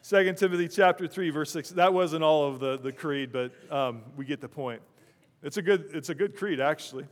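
A pastor giving a conversational sermon, with chuckling asides, in a church sanctuary. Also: male voice, fairly high pitch, normal speed. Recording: long church reverb.

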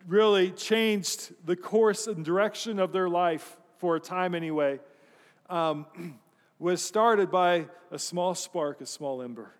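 Guy preaching a sermon, kinda high voice, funny storytelling, long hall reverb. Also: slow. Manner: storytelling, self-deprecating, asks the congregation. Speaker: pastor.

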